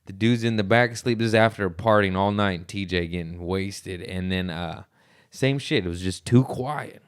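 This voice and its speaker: A laid-back man tells stories in a casual podcast chat, slangy and quick to laugh. His voice is low and smooth, with a clean, resonant tone. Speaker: podcast host.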